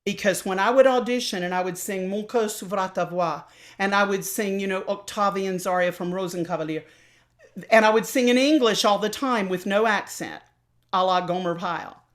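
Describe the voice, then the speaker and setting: A woman's voice: mid-range voice, moderate pace. An older woman with a Southern US accent, an opera singer and voice teacher, talking animatedly in a casual interview over a video call and acting out the voices she quotes.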